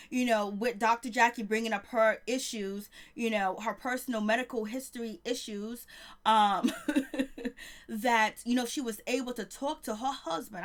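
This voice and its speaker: A woman chatting casually as she recaps a reality show, animated and laughing often, greeting her viewers by name. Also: a little high. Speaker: vlogger reviewing a reality show.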